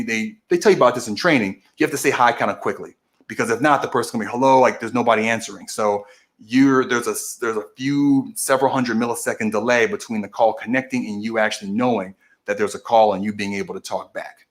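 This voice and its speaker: A man with a fairly low voice hosts his own stream and explains a process one step at a time. He talks casually and restarts and corrects himself often as he goes. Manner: explains methodically, with frequent restarts and self-corrections. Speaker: host of a political stream. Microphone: camera video recording.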